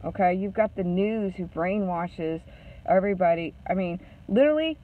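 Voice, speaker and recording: A woman's voice: on the low side, normal speed. Woman, counselor, blunt and scolding, keeps asking "okay?", thin phone-line sound. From Maine. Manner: lecturing, ends points with a questioning "okay?". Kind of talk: advice talk.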